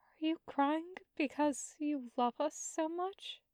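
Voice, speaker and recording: Woman reading a warm, teasing young man. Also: sits high, slow pace, no room sound, clean studio sound. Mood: hushed. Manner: coaxing, gently scolding.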